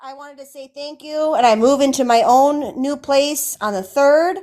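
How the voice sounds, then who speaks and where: A woman calling in to a live stream to thank the host, speaking softly and hesitantly. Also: sits high. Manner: soft, grateful, slow and hesitant. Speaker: caller. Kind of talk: casual thank-you call.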